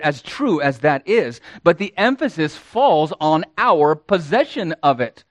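Man, preaching a sermon, very slow and emphatic, dry close sound. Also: fairly high pitch, very animated, no room sound. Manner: slow, emphatic preaching with swells and drops in volume. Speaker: pastor.

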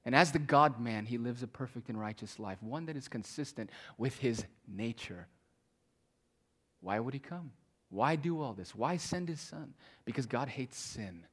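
A man preaching a sermon as pastor, swinging from loud emphatic declarations to hushed, quiet tones. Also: mid-range voice, expressive, moderate pace, husky.

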